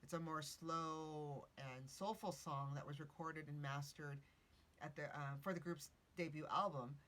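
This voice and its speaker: A woman's voice: low voice, steady tone, measured pace, fairly bright tone. A woman hosting a casual podcast. She tells a story while reading from notes, correcting herself and adding chatty asides. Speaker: podcast host.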